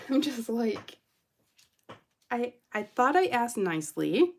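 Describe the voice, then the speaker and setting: A young woman tells a story in an easy, chatty way while she works on a craft at home. Her voice sits a little high and has a gravelly edge. She talks slowly and acts out the people in her story. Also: noisy background. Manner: animated, acts out quoted voices. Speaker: vlogger.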